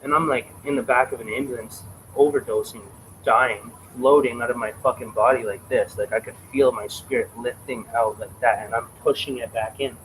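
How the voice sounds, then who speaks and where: A man in his twenties talks straight to his livestream, rambling and emphatic and swearing freely. His voice sits at an ordinary middle pitch. A faint hiss of noise runs underneath. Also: steady tone, moderate pace, rough recording. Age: 20s. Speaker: livestream host. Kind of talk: casual livestream storytelling.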